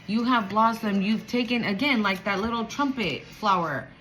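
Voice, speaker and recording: A woman giving a channeled spiritual reading to viewers, emotional and animated, swearing casually. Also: mid-range voice, normal speed, faint music behind, poor audio. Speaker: spiritual reader.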